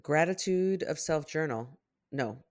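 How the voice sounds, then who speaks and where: A woman co-hosting a casual chat, giving gentle, encouraging self-care advice. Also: sits low, animated, a little slow. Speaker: podcast co-host.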